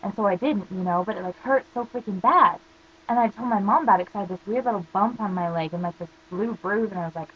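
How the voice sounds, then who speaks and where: A woman's voice: medium pitch, fast talker, lo-fi sound, slight background noise. A teenage girl ranting casually to camera, rambling through stories full of "like" fillers. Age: teens. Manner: rambling storytelling, constant "like" fillers. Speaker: vlogger.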